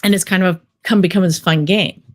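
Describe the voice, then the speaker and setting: A middle-aged woman, a documentary director, telling stories in a relaxed interview, rambling with many fillers. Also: fairly low pitch, a little fast, soft background music. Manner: rambling storyteller, many fillers like "you know". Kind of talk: casual interview talk.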